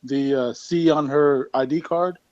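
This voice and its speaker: A man's voice: a little high, steady tone, a little slow, darkish tone, no echo, highs cut off. A man cutting in with short questions during a casual chat. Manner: interjecting, asks short questions.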